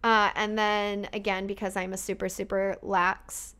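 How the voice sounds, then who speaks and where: Chatty excitable woman in her twenties. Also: mid-range voice, unhurried, clean tone. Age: 20s. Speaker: podcast guest co-host. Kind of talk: casual chat.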